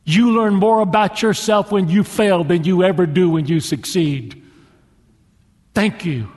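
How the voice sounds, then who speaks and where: Male pastor, high voice, dramatic sermon delivery, long hall reverb with music behind. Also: a little mellow. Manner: dramatic, slowing for emphasis.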